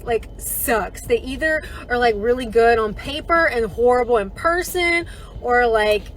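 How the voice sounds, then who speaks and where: A woman's voice: a little high, a bit bright, low-quality recording. A woman in her thirties ranting candidly in a casual vlog, rambling and full of "like" fillers. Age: 30s.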